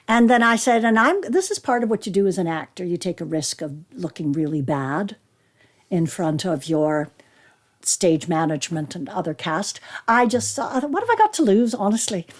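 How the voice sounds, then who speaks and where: An older woman, an actress and storyteller, chatting in an interview and telling lively anecdotes about her acting. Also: mid-range voice. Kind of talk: casual interview chat.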